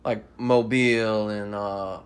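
A man's voice: fairly low pitch, steady tone, slow, smooth. A man with a Southern US accent, co-hosting a podcast in casual chat and telling stories while mimicking the people he quotes. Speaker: podcast co-host.

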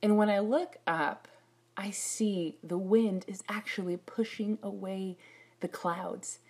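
A middle-aged woman preaching a sermon, telling personal stories in an animated way and acting out her own prayers. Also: medium pitch, slow pace, husky.

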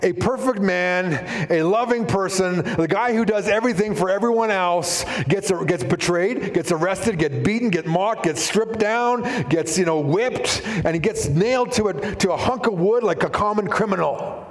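A middle-aged Canadian pastor with a high-pitched voice preaches a sermon at normal speed with few pauses. He tells stories casually, using fillers and acting out the voices of those he quotes. Recorded in a church sanctuary, the sound carries a long hall reverb.

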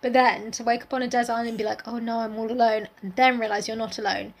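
Woman, very high voice, sarcastic, sweary, laughs a lot. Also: level tone, fast, creaky. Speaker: podcast co-host. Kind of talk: casual chat.

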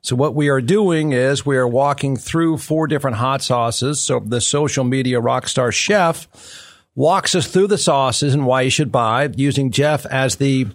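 A man co-hosting a live event, with relaxed, joking casual talk. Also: mid-range voice, a little slow, dry recording.

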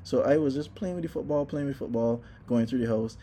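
A man casually telling a personal story, animated, acting out his own exclamations. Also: mid-range voice, a little fast, slight background noise.

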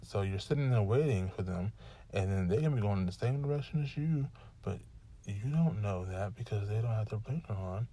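A man's voice: on the low side, lively intonation, brisk, mellow. A man hosting his own freestyle podcast, venting with exasperation in rambling run-on sentences that sometimes rush and sometimes stretch out. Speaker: podcast host. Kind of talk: solo freestyle podcast rant.

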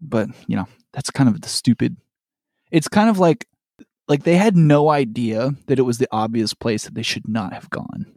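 A man's voice: medium pitch, lively intonation, moderate pace, darkish tone, no room sound, studio quality. Man rambling through a show recap. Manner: rambling, restarts phrases, laughs often. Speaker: podcast co-host. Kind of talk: casual chat recapping a TV episode.

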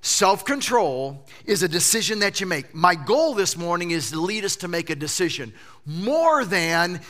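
Bright, lively-voiced male pastor. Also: high-pitched, moderate pace. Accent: Southern US. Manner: animated storytelling with jokes. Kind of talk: sermon.

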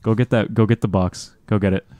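An enthusiastic young man co-hosting a laid-back podcast. His voice is low and mellow. The recording is dry and close. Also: fairly quick, no room sound. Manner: excited, enthusiastic. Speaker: podcast co-host. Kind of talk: casual chat.

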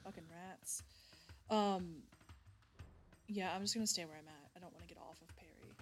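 A woman's voice: lowish voice, moderate pace, soft background music. A woman playing a tabletop game, hesitant and repeating herself as she works out her turn. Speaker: player. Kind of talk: casual tabletop play.

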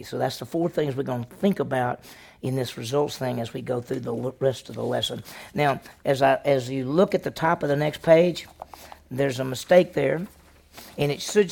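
Here a male senior pastor talks at a moderate pace in a mid-range voice with vocal fry. In a folksy, conversational church lesson, he shares personal stories and asks the congregation questions before answering them himself.

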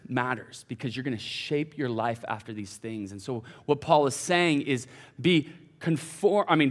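A young man, preaching a sermon as a college pastor in a conversational way that swings between quiet and emphatic. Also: high-pitched. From United States. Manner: conversational preaching, fillers and restarts, swings from soft to loud.

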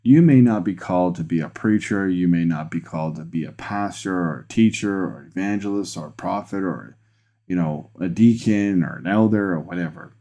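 Low, mellow-voiced man preaching. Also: moderate pace. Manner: earnest, repetitive restarts, rising excitement when making a point. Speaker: pastor, podcast host. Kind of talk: sermon.

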